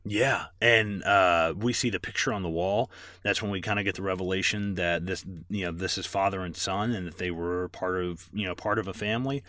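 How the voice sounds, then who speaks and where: A man with a low, bright voice talks through a horror film scene by scene on a podcast. He rambles loosely, with plenty of fillers and swearing. The sound is dry and close. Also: dry recording. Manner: rambling, filler-heavy, profane. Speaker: podcast co-host. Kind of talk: casual movie recap chat.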